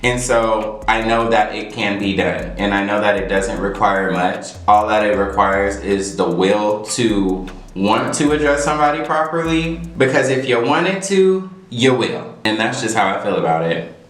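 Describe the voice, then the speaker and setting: A man's voice: fairly low pitch, measured pace, fairly bright tone, slight background noise. Frank young man vlogging in a roomy space. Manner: frank, opinionated, conversational, lots of "like". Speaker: beauty vlogger. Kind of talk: candid casual monologue while doing makeup. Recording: roomy echo.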